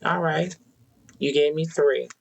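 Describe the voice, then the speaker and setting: Slow, preachy tarot card reader. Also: medium pitch, creaky, highs cut off, slight background noise. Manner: preachy, earnest direct address with repetition; speaks to an unseen audience. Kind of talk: spiritual oracle card reading addressed to viewers.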